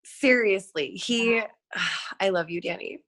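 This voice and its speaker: A woman's voice: mid-range voice, slow pace, a bit bright. A woman on a group video call who gushes enthusiastically, full of effusive praise. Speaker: team member on a group call. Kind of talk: enthusiastic chat.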